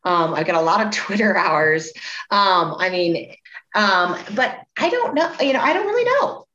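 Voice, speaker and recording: A woman's voice: medium pitch, sing-song, normal speed, pushed and bright. A middle-aged woman talking candidly in a casual group chat, blunt and swearing freely. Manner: blunt, swears freely, acts out quoted people. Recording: roomy, dull lo-fi sound.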